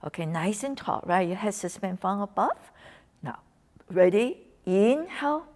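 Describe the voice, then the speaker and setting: A woman's voice: medium pitch, expressive, normal speed. Woman coaching a breathing lesson. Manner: coaching, encouraging, slips into soft whispers on cues. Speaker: wellness instructor.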